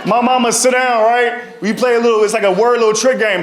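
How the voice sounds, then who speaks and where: A man's voice: very high voice, fairly even intonation, fast, few pauses. A male stand-up comedian telling stories on stage in a conversational way, often tagging lines with "right?". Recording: echoey room, noisy background.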